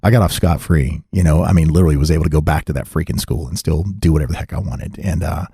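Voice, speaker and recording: A man's voice: a bass voice, fast, creaky, dark tone, slightly rough, no echo, clean studio sound. A middle-aged man telling his life story in a casual, candid, rambling way. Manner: rambling and candid, with frequent laughs.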